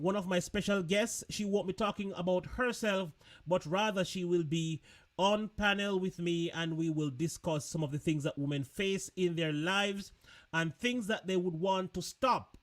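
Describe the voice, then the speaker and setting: A man hosting a live online show in a loose, chatty way, often repeating words. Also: high voice. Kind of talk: casual live-stream chat.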